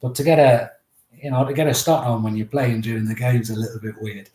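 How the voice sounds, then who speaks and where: A man in his fifties, a former footballer and podcast guest, telling lively anecdotes that climb to excited retellings. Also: medium pitch, a little fast. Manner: animated, builds up to raised excited retellings. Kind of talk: anecdotal storytelling. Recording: roomy echo.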